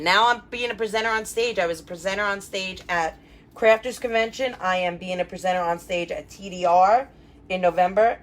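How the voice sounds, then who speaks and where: A woman's voice: on the low side, a little hiss or hum. A woman who designs wreaths, hosting a chatty live craft tutorial and greeting her viewers by name. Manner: chatty and upbeat, many fillers and asides to viewers.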